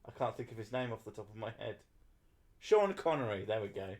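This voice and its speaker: A man's voice: lowish voice, very animated, fairly quick, a little mellow. A man chatting casually on a livestream, rambling and swearing while he talks to his viewers. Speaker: streamer.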